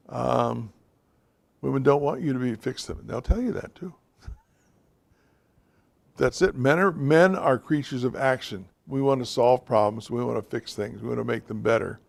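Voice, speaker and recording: A man gives an informal, direct talk to a class of men, addressing them plainly as guys and fellas. His voice is medium-pitched with vocal fry.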